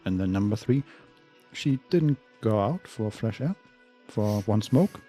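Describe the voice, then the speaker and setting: Husky dark-voiced man playing a game. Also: lowish voice, animated, a little slow, soft background music. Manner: methodical, reads out game stats. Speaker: co-host of a let's play. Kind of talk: casual gaming chat.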